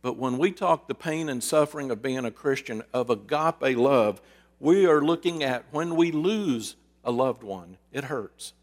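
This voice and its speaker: A man preaching a sermon, with dramatic pauses and rhetorical questions that he then answers himself. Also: medium pitch, animated, long reverb tail. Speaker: pastor.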